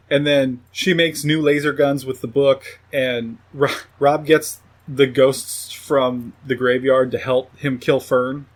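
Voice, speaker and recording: A man recapping a film plot for his review podcast, casual and profane, now and then mimicking characters in a higher voice. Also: level tone, unhurried.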